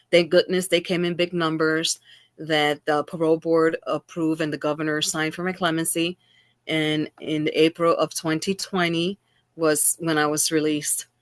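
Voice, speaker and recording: Woman, middle-aged, interview guest, lowish voice, dry close sound, lively storyteller who acts out quotes. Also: moderate pace, no room sound. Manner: animated, acts out quoted exchanges.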